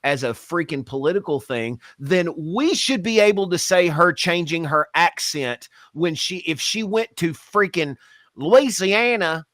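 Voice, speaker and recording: A man's voice: on the high side, animated, a little slow, a bit bright, no echo, clean studio sound. A man co-hosting a casual podcast, ranting bluntly and swearing. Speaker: podcast co-host.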